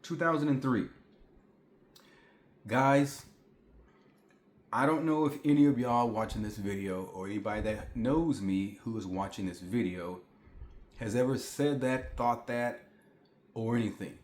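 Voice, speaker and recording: In an echoey room at home, a man in his forties tells a story to the camera, vlogger-style: chatty, repetitive, and aimed straight at his viewers. His medium-pitched voice is unhurried, and he pauses often.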